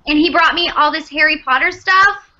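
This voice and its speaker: A woman's voice: sits high, normal speed, sharp tone, highs cut off. A woman voice actress chatting as a podcast guest, rambling with lots of fillers. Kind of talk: casual podcast chat.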